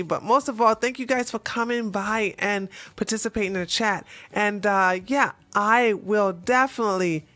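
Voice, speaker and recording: A woman hosting a live stream, chatting casually with listeners, laughing and clearing her throat as her voice cracks. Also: mid-range voice, fairly bright tone. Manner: chatty, laughing, many fillers and restarts. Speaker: host.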